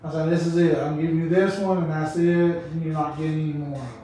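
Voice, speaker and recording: A man's voice: fairly even intonation, quick pace, warm tone. A man, telling stories in a rambling, casual way as a podcast guest. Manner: rambling, laughing, acts out quotes in a high voice. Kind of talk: casual storytelling chat. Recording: roomy echo, mic at a distance, faint room noise.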